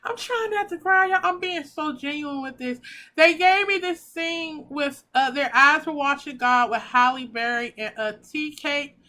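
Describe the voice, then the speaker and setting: A woman's voice: high voice, measured pace, pushed and bright. A woman giving a pick-a-pile tarot reading, talking casually and emotionally, gushing and swearing as she reads the cards. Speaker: tarot reader.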